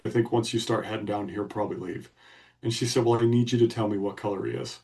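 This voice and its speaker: A man's voice: lowish voice, steady tone, fast talker, mellow, distant mic. A man co-hosting a podcast, telling a story in a blunt, emphatic way. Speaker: podcast co-host. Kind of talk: casual storytelling.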